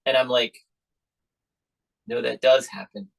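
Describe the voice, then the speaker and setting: A man's voice: medium pitch, takes it slowly, gravelly, poor audio. A middle-aged man hosting a podcast, telling stories in casual chat and acting out the people he quotes. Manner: animated storyteller acting out quoted voices. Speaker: podcast host, magician.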